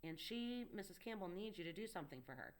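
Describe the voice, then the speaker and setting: A woman's voice: on the low side, animated, fast, pitched above the performer's own voice, close to an everyday voice. Woman voicing an earnest young male tutor. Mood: urgent. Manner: coaxing, urgent, reassuring. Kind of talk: audiobook dialogue reading.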